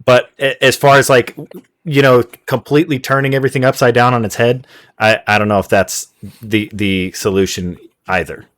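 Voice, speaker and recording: A man's voice: mid-range voice, level tone, moderate pace, fairly bright tone. A man on a panel voicing a hesitant opinion, trailing off as he speaks. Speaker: panel guest. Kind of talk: debate argument.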